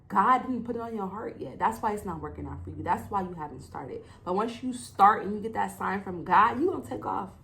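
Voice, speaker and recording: A young adult woman hosts a solo podcast in a casual style, getting emotional and preachy as she acts out her conversations with God. Her medium-pitched voice is a bit bright, and the recording is rough.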